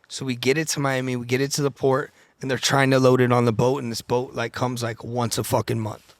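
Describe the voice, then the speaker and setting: A man's voice: medium pitch, flat delivery, a little fast, no echo, clean studio sound. A man guesting on a podcast, telling stories in a loose, profane, casual way and acting out the conversations he recounts. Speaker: podcast guest, luxury car dealer. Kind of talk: casual storytelling chat.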